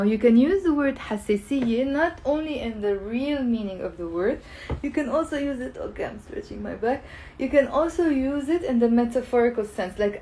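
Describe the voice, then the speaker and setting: A woman's voice: fairly high pitch, a little mellow, slight background noise, rough recording. Upbeat woman teaching live. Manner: upbeat, coaxing, repeats words slowly for learners. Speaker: language teacher. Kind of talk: live online language lesson.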